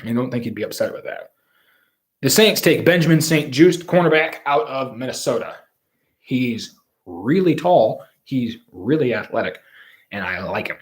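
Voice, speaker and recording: A man talking through draft picks on his own in a rambling, opinionated way. His voice sits at an everyday middle pitch. He leans hard on his points and restarts sentences as he goes. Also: animated, normal speed. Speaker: sports commentator. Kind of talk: solo football draft commentary.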